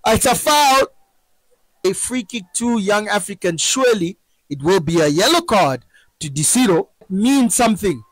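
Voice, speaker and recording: A man giving excited live football commentary, breaking into shouts at chances and goals. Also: sits high, moderate pace, no echo, poor audio.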